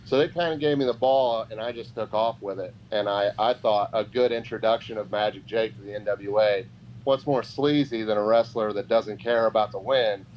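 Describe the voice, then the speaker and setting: In dull lo-fi podcast audio with faint noise, a man with a lowish voice speaks at normal speed. He's a pro wrestler guesting on the show, telling a casual story in an animated way and performing the voices of the people he quotes.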